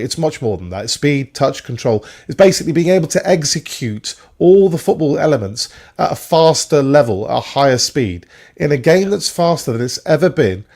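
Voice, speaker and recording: A man with a slightly high voice talks football at length. He explains his points in an opinionated, lecturing way, as though laying out a case. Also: darkish tone. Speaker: football fan show panelist. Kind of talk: casual football chat.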